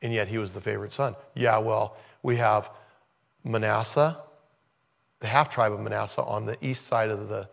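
A man preaching as a pastor, teaching through a scripture passage conversationally and growing animated when he retells the scenes. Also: fairly low pitch, normal speed, vocal fry. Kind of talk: expository sermon.

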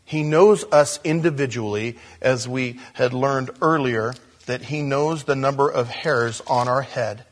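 A man preaching a sermon, shifting between soft hushed moments and loud, animated storytelling. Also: medium pitch, measured pace, hardly any pauses. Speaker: pastor.

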